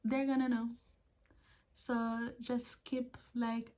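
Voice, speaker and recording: A woman's voice: mid-range voice, fairly even intonation, unhurried, dark tone, slightly rough. A young woman with a Jamaican accent giving chatty, emphatic advice in a casual vlog, often repeating her key points. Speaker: vlogger.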